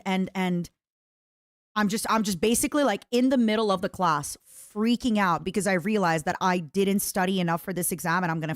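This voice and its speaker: A young adult woman streaming, chatting casually with her viewers and slipping into squeaky impressions of friends. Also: dry recording, studio quality. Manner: animated, bursts into high-pitched imitations. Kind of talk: casual chat with chat readers.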